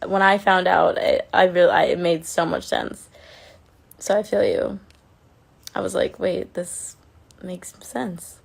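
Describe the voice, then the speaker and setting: A woman's voice: lowish voice, fairly even intonation, unhurried, vocal fry, long pauses, husky. A woman chatting casually on a phone livestream, reading and answering fan comments in an affectionate way and swearing now and then.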